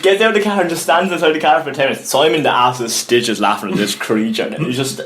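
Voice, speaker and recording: A young man with an Irish accent, co-hosting a casual podcast and telling animated stories, laughing as he goes. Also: medium pitch, fast talker. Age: young adult. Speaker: podcast co-host. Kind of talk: casual storytelling chat.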